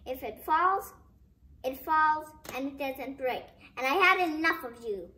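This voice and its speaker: A woman voicing an angry grown son who shouts and scolds his old father in a storybook tale. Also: high voice, big pitch swings, measured pace, recorded from a distance. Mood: furious. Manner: loud, scolding.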